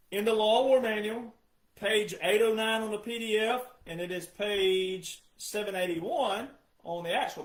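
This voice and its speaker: A man delivering an impassioned political monologue, emphatic and repetitive, often rising to shouts. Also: high-pitched, echoey room, low-quality recording. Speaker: political commentator.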